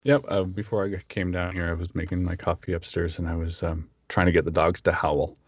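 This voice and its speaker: Low-voiced guy chatting about voice work, bouncy delivery, dry close sound. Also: a little fast, no room sound. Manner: animated, breaks into voice impressions and laughs. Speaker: voice actor guest. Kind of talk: casual interview chat.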